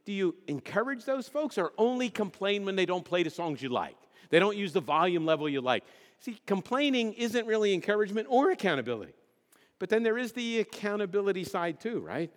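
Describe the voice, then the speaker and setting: A middle-aged male pastor preaching a conversational sermon, joking and putting questions to the congregation. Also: high voice. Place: church sanctuary. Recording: long hall reverb.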